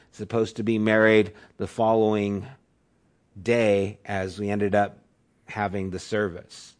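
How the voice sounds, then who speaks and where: A man's voice: fairly low pitch, a little mellow. A middle-aged man who is a pastor, giving a sermon in a conversational, storytelling way. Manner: conversational storytelling, acts out quotes in raised voice.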